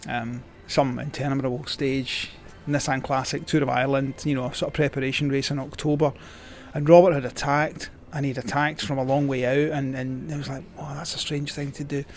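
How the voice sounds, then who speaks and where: A man's voice: mid-range voice, flat delivery, brisk, hardly any pauses, slight background noise. Rambling Scottish man telling stories. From Scotland. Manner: rambling, with many fillers and restarts. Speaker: guest, cycling journalist. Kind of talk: casual storytelling.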